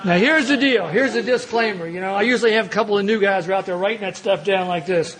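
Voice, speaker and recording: An older man from Kentucky tells a long story at a recovery meeting, his voice sitting noticeably high. He talks in a folksy, self-mocking way and often circles back and restarts his phrases. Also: quick pace, few pauses, heavy background noise. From Louisville, Kentucky. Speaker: AA speaker.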